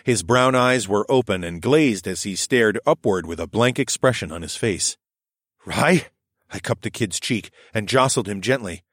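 A man's voice: fairly low pitch, moderate pace, few pauses, fairly bright tone, no echo, clean studio sound. A man narrating a story expressively in a scripted audiobook reading.

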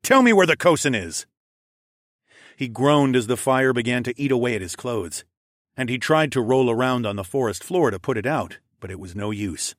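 A man reading a first-person audiobook in steady, measured scripted narration. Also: medium pitch, no room sound, studio quality.

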